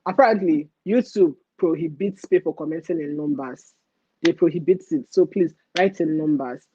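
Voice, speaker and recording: A young woman with a Nigerian accent hosting a casual livestream rant, animated and mixing in pidgin phrases. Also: deep voice, normal speed, highs cut off, a little hiss or hum. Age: young adult. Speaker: livestream host.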